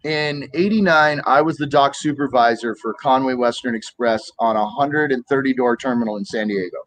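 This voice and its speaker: A man in his fifties from the United States, telling animated stories in a casual political chat and acting out quoted voices. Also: medium pitch, normal speed, poor audio. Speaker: co-host of a political talk stream.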